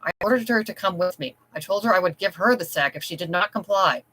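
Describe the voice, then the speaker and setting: A reader voicing a frightened, gentle young wife in an audiobook story, pleading. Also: mid-range voice, quick pace, pitched above the performer's own voice, poor audio. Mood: desperate.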